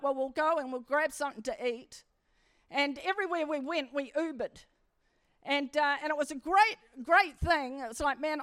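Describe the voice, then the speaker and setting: High-voiced woman preaching animatedly. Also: no echo. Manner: animated storytelling, emphatic build-ups. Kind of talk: sermon. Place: church service.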